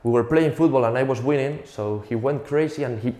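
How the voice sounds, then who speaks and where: A man's voice: medium pitch, brisk, dark tone, echoey room. A young man from Spain with a Spanish accent, telling a profane, self-mocking stand-up comedy routine.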